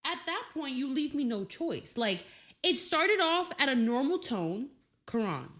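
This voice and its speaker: A woman's voice: high voice, sing-song, unhurried, a bit bright. A woman appearing as a guest on her boyfriend's podcast, talking frankly, with an exasperated edge and free swearing. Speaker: podcast guest, host's girlfriend. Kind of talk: casual chat.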